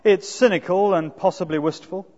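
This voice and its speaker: A man with a notably high voice delivers an earnest expository sermon, leaning on rhetorical tag questions. The sound is dull and lo-fi. A long hall reverb trails after his words. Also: moderate pace, a little mellow. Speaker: preacher.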